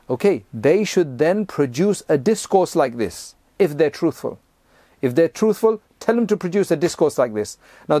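Guy teaching a religious class, chatty, keeps saying right? and you know, mellow voice, dry close mic. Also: on the high side, no echo. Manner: conversational, explains step by step, frequent "right?" and "you know"; recites Arabic verses in a chanting tone. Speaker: Islamic teacher. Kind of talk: explanatory religious lesson.

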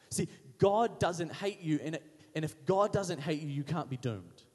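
A man's voice: fairly high pitch, normal speed, a little mellow, husky. A man preaching a sermon as pastor, emphatic and repetitive, in short punchy phrases. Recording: long hall reverb.

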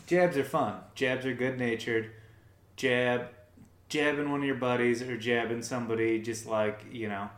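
A man's voice: mid-range voice, steady tone, normal speed, echoey room. A man co-hosting a podcast, easygoing in casual chat, explaining things with lots of fillers. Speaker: podcast co-host.

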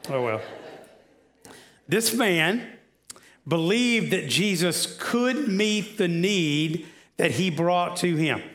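A male preacher with a high-pitched voice delivers a conversational sermon. He keeps turning to the congregation with questions, and his talk is sprinkled with "uh"s and restarts. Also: animated, slow, long pauses, fairly bright tone.

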